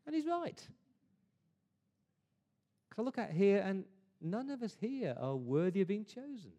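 A man's voice: high voice, big pitch swings, measured pace, dark tone. A man preaching a sermon to his congregation, earnest, often restarting words and asking rhetorical questions. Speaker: pastor. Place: church service.

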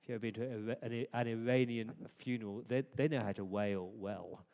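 A man preaching a conversational sermon, dropping to a hush at times and rising to emphatic points. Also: on the low side, fairly even intonation, fairly quick, creaky. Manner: conversational, swings from hushed to emphatic. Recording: long hall reverb.

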